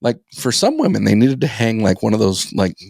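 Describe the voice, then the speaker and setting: A man's voice: fairly low pitch, big pitch swings, brisk, creaky, a loud crowd. A man co-hosting a podcast in casual banter, blunt and teasing, laughing easily. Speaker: podcast co-host.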